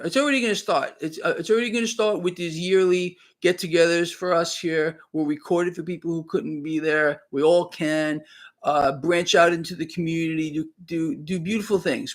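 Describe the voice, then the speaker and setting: Fervent high-pitched male streamer. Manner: fervent and emphatic, repeating himself. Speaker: online commentator. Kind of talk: live-stream talk.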